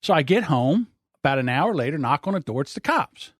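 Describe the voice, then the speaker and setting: A man hosting a podcast, telling a rambling story in a lively, laughing way. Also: on the high side, fairly quick, breathy edge, no room sound, clean studio sound. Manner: animated, laughing, repeats himself. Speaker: podcast host. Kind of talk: casual storytelling.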